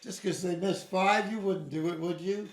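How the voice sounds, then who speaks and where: Man doing a pleading patriarch haggling with God: high, insistent questions in a roomy space. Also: steady tone, moderate pace, lightly acted. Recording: roomy echo.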